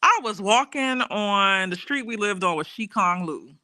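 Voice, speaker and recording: A middle-aged woman from New York, a podcast guest, telling animated stories with laughter and restarts. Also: medium pitch, unhurried, no echo, clean studio sound. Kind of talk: casual storytelling chat.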